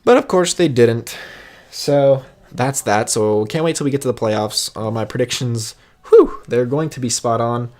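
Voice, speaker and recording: A young man casually talking through his sports picks on his own channel, rambling, correcting himself and jumping into excited high-pitched outbursts. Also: moderate pace. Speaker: sports vlogger making game predictions. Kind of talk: casual solo prediction video.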